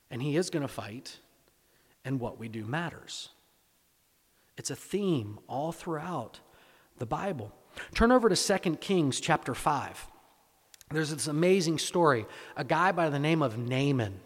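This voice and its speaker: Conversational preacher in an echoey hall. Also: male voice, on the high side. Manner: conversational, repeats words, rhetorical questions. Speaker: pastor. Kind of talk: sermon.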